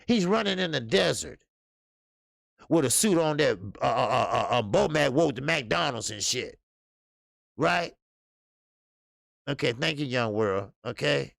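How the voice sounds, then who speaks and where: A man's voice: medium pitch, animated, unhurried, vocal fry, long pauses, fairly bright tone, no room sound. A man in his fifties hosting a casual live-stream boxing talk show, chatty and rambling, greeting viewers between asides.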